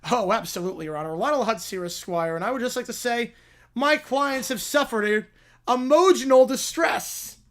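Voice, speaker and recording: A man's voice: very high-pitched, normal speed, a bit bright. A man doing a smarmy cartoon lawyer who is delighted with his own bad puns, read aloud as a skit on a livestream. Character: sleazy bumbling male lawyer.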